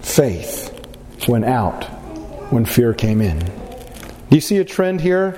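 A man preaching a sermon, reading scripture and acting out the quotes with lively emphasis. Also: slow, pauses often. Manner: animated, acts out scripture quotes with rising pitch. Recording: reverberant hall with faint ambient noise.

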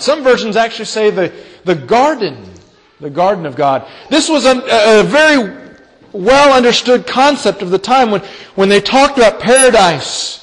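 A man preaching a sermon, reading scripture and retelling it with dramatic storytelling and big swings in pitch and loudness. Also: very animated, normal speed. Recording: long hall reverb.

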